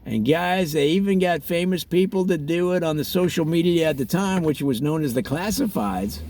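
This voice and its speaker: A man hosting a mock tour in a parody travelogue, telling absurd tall tales in an animated storytelling manner. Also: a little high, normal speed, slight background noise. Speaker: comedic tour host.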